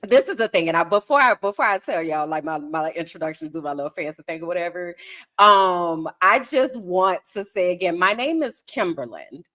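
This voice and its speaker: Animated playful podcast co-host woman. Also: fairly low pitch. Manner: animated, playful, drawn-out emphatic phrasing. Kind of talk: casual podcast chat.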